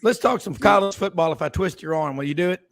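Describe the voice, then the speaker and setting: Casting: male sports radio host, high-pitched and gravelly, folksy, quick to exclaim. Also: soft background music. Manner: folksy and excitable, exclaims often. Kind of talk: casual sports radio chat.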